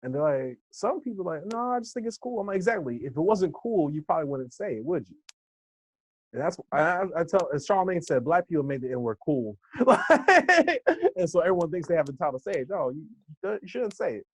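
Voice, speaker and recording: A young American man from Los Angeles, a guest in a casual interview, telling stories with lively acted-out quotes and frequent laughs. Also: a little high, brisk, husky. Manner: animated storyteller who acts out quoted voices, laughs often. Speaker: interview guest, hip hop instructor.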